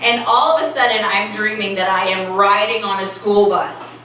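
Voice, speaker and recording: A woman's voice: mid-range voice, steady tone, normal speed, bright, forceful tone. A woman in her late thirties performing a stand-up comedy set, wry and conversational, with lots of "like"s. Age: late 30s. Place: comedy club stage. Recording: echoey club from far off, noisy.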